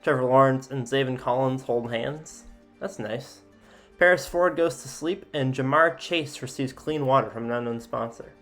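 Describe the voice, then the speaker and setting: A man's voice: mid-range voice, moderate pace, fairly bright tone, soft background music. A man casually reading out simulation events as a sports video host, with frequent filler sounds and offhand asides. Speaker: sports YouTuber.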